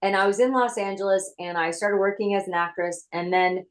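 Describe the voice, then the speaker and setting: Over a roughly recorded video call from her home office, a woman who writes screenplays and used to act shares her story with an interviewer. Her mid-range voice is brisk, chatty, and animated.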